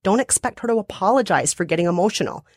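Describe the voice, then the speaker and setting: A woman's voice: mid-range voice, lively intonation, quick pace, slightly rough, no room sound, clean studio sound. A woman co-host reading out book steps with dryly ironic asides. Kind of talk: scripted summary with wry asides.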